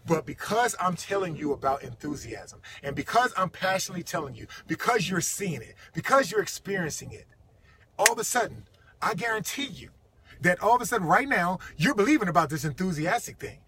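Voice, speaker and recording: A middle-aged man giving an energetic, emphatic motivational talk in a vlog, repeating his key phrases. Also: high voice, fairly quick, background noise. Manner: energetic, emphatic, repetitive preaching. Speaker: motivational speaker.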